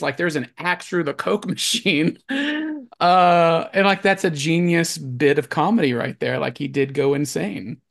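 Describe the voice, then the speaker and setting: A man co-hosting a casual movie podcast, excitable and gushing, often breaking into laughter. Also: sits high, gravelly. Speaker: podcast co-host. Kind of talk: casual movie-review chat.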